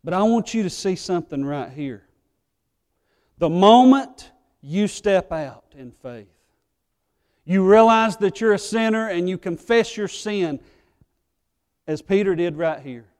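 A male pastor preaching a sermon. He swings from fervent, loud pleading to quiet, earnest low tones. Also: expressive, unhurried, pauses often. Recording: echoey hall reverb.

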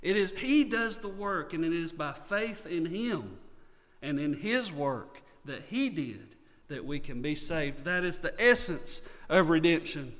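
High-voiced Southern man preaching. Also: animated, measured pace, fairly bright tone, long reverb tail. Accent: North Carolina Southern. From North Carolina, USA. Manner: earnest preaching with emphatic repetition. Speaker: pastor. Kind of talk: sermon.

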